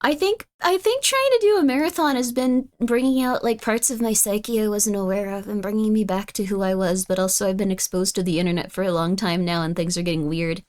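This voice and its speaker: A woman streaming live, chatting casually and rambling, reacting to chat with sudden high squeals and wide swings in pitch. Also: fairly quick, few pauses, a little mellow.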